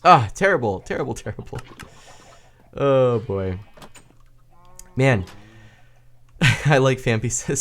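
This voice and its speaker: A man's voice: mid-range voice, expressive, slow, pauses often, fairly bright tone. A man streaming a building game, chatting casually with viewers, chatty and self-deprecating, laughing often. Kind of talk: casual gaming stream chat.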